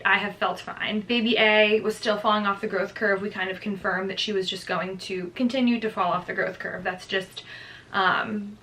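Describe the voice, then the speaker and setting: Chatty bright-voiced young woman vlogging. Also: medium pitch, far from the mic, poor audio. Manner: chatty, lots of "like", reading from notes. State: pregnant. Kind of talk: casual pregnancy update vlog.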